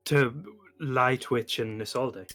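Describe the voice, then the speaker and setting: A man with a British accent playing a tabletop game, speaking in a relaxed, plain way, partly in character as a bard. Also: mid-range voice, slow pace, no room sound, soft background music. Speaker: player. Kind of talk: tabletop role-play chat.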